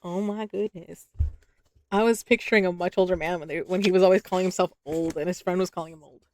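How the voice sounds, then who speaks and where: A woman's voice: on the low side, steady tone, quick pace, darkish tone, dry recording. Chatty woman reading a novel aloud. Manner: chatty, swears, laughs, talks to her pets. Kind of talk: casual reading and chat.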